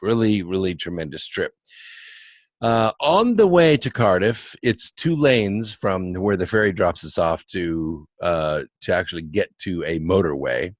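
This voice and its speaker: A man on a talk show as the guest author, telling travel stories in an animated, wry way. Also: sits low, no room sound. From United States. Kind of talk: anecdotal storytelling.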